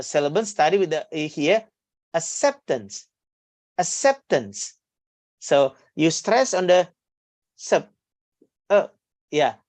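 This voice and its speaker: A woman with an Indonesian accent teaching an online English class, speaking haltingly with many fillers and restarts over a video call. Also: low-pitched, darkish tone, no room sound. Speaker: English lecturer.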